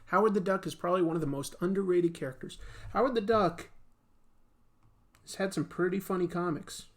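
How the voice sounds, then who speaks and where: Drawing on a laid-back livestream, this comics artist speaks briskly in a high-sitting voice. He rambles, cracks jokes and leans on plenty of fillers.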